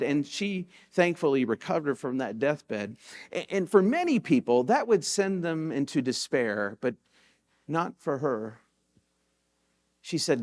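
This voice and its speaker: A man's voice: a little high, lively intonation, normal speed, darkish tone. A man pastor giving a sermon in a church sanctuary, telling stories in a conversational way and rising into sudden emphatic peaks.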